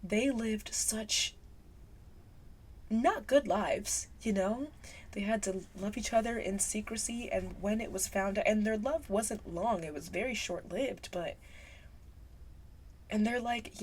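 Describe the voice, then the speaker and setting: A woman's voice: medium pitch, normal speed, husky. Young woman vlogger, teary and gushing, talking casually about something she loves. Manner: gushing, emotional, sometimes close to tears. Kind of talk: emotional casual monologue.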